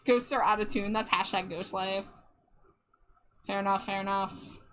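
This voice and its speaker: A woman's voice: medium pitch, steady tone, normal speed, fairly bright tone, slight background noise. A woman streaming while she draws, chatting casually and a bit self-deprecating, often repeating her words. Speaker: art streamer.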